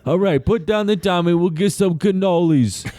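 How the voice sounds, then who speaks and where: Man playing a pleading mobster brother, exaggerated wiseguy drawl, deep-mellow tone. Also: normal speed, no echo, close to an everyday voice. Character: pleading Italian-American mobster brother, male, middle-aged.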